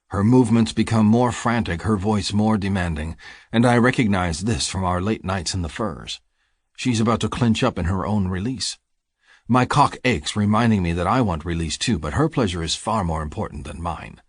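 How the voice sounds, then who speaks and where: A man narrating an audiobook in the first person, reading in a low, intimate, measured way. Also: slightly rough, no room sound, clean studio sound.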